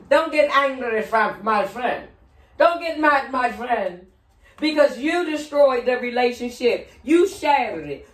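A woman giving a casual tarot reading, blunt and profane, who often slips into sing-song chanting. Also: high voice. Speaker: tarot reader. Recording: roomy echo, set back from the mic.

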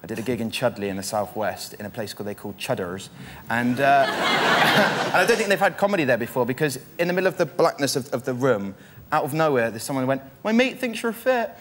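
A young male comedian doing a lively stand-up routine on a TV studio stage. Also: mid-range voice, fast. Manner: lively storytelling with quoted voices. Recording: studio audience laughter and noise.

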